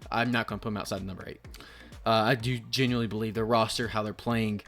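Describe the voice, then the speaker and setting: Young guy ranting about rankings, swears a lot, mutters then gets loud, faint music behind. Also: on the low side, steady tone, fast. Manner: rambling, profane, swings between mumbling and loud outbursts. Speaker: sports video host. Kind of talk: casual commentary vlog.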